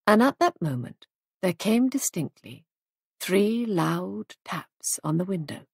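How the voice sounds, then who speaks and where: A woman narrating a mystery audiobook in a measured storytelling manner, recorded close to the mic. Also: medium pitch, very animated, vocal fry, breathy edge, no echo.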